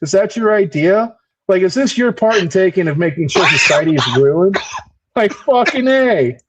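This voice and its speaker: A man's voice: sits high, moderate pace, very noisy. An American man hosting a casual chat who talks in a profane, rambling way and laughs often. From United States. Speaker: podcast host.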